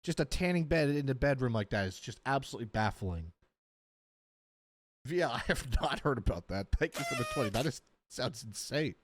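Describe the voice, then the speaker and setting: A man's voice: mid-range voice, moderate pace. A young man streaming a reaction to a TV episode, talking casually with disbelief and rambling restarts. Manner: animated, incredulous, rambling with restarts. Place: home streaming setup.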